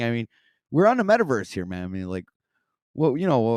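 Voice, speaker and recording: A man's voice: mid-range voice, huge pitch swings, brisk, long pauses, darkish tone, no room sound, studio quality. Foul-mouthed man ranting off the cuff. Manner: swears constantly, rants and trails off with fillers. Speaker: host reacting to a video. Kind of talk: profane rambling commentary.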